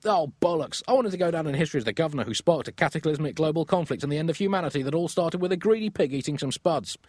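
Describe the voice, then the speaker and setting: A man's voice: a little high, animated, racing, a little mellow, slightly rough, dry recording, clean studio sound, pitched above the performer's own voice. A man voicing a bloodthirsty, blustering male colonial governor, pompous and petulant.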